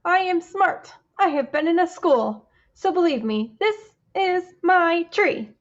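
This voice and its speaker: A bragging storybook fish with a high, proud, declaring voice that comes out loud and slow, as a woman reads him out. The recording sounds slightly muffled. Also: expressive, full character voice. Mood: boastful. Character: boastful stubborn male fish.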